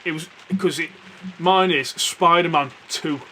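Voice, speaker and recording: A man with a high voice chats enthusiastically on a podcast, often restarting his sentences. Rain patters faintly in the background. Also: unhurried, pushed and bright, slight background noise. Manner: enthusiastic, stumbling over words. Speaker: podcast co-host. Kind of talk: casual chat. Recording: rain on the roof faintly behind.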